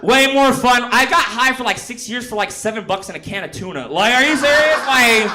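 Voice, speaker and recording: A man's voice: very high voice, expressive, brisk, heavy background noise. A man doing a rambling, profane stand-up set on a comedy club stage, often laughing at his own jokes. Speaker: stand-up comic.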